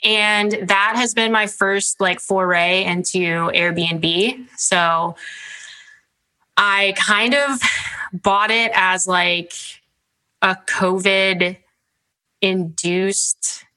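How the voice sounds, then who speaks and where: A woman's voice: medium pitch, steady tone, very slow, sharp tone, poor audio. A young woman chatting casually as a podcast guest, with many "like" and "um" fillers. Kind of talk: casual interview chat.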